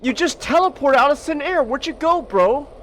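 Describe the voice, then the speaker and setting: A man hosting a live stream, chatting casually and excitably while gaming, swearing freely. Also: very high voice, normal speed. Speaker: streamer and podcast host.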